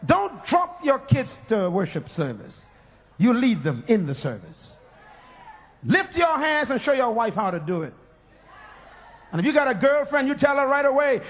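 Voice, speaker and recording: A male preacher. He swings between booming shouts, laughter and low teasing asides, pulling the congregation into call-and-response. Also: big pitch swings, moderate pace. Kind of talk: sermon.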